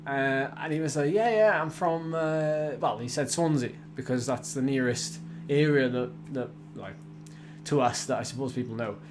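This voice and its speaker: A man's voice: medium pitch, steady tone, moderate pace, noisy background. Rambling young man chatting on a live stream. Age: 20s. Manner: chatty, rambling, many fillers and restarts. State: tired after a hard effort. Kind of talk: casual live-stream chat with viewers. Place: home indoor training room.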